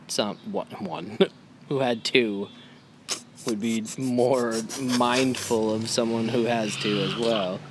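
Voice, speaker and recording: A man's voice: mid-range voice, takes it slowly, background noise. A man in his thirties, a homebrewing vlogger and dad, chatting casually in a loose, rambling, slightly tipsy way.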